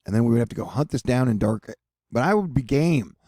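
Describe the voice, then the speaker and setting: A man giving a casual, joking weather update to his viewers, rambling off topic and speaking warmly to them. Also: mid-range voice, lively intonation, a little fast, no echo, clean studio sound. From United States. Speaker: weather vlogger.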